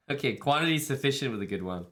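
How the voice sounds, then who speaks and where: A man's voice: medium pitch, lively intonation, fairly quick, a bit bright. A man streaming live, chatting casually with viewers and thanking them, laid-back and jokey. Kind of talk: casual stream chat, reading viewer messages.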